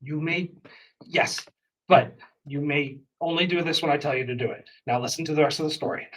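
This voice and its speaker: Man, tabletop game player, patient and explaining, fairly high voice, distant from the mic. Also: a little fast, fairly bright tone. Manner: patient, explaining step by step, exasperated laughs. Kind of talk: tabletop role-play chat.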